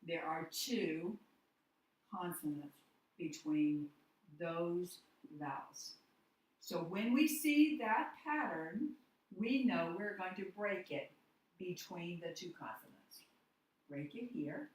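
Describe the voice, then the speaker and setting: A woman teaches a phonics lesson in a deliberate, step-by-step way, spelling words out one letter at a time. Her voice sits a little low and moves at a very slow pace. She is recorded from a distance in a strongly echoing room. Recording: echoey room, voice from far off the mic.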